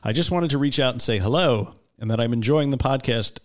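A man's voice: medium pitch, brisk. A man co-hosting a podcast, chatting casually, laughing often and poking fun at himself. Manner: laughs often, self-deprecating. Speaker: podcast co-host. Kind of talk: casual chat.

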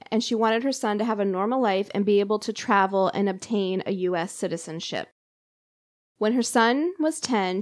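A woman recounts a true crime case in a relaxed, conversational way, peppering her telling with "like" and small restarts. Her voice sits in a middle register. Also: medium pitch, no echo, clean studio sound. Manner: conversational, lots of "like" and fillers. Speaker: podcast host telling a true crime story. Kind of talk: casual storytelling chat.

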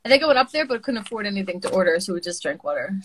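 A woman hosting a casual chat, upbeat with quick reactions. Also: medium pitch, sing-song.

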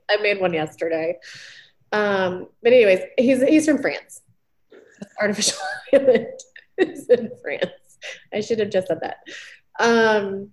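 A woman's voice: mid-range voice, darkish tone. Young woman on a podcast, giggly and chatty, lots of ums, former teacher. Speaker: podcast co-host. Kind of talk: casual chat, retelling research.

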